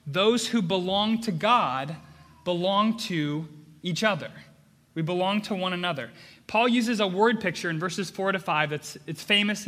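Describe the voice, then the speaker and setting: A man's voice: high-pitched, a bit bright. A man preaching a sermon as pastor, earnest and emphatic, often repeating phrases for stress. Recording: long hall reverb.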